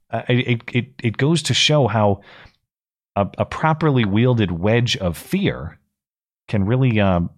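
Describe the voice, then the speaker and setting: A man in his thirties hosting a live call-in stream, giving blunt, opinionated commentary with frequent restarts. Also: lowish voice. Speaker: call-in show host.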